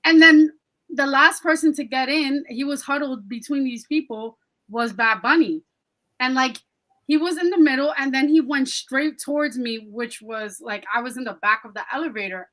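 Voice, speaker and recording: A woman with a bright, fairly high voice chats on a podcast. She tells a story with lots of energy and swears freely. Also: moderate pace, poor audio. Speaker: podcast co-host. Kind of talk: casual chat.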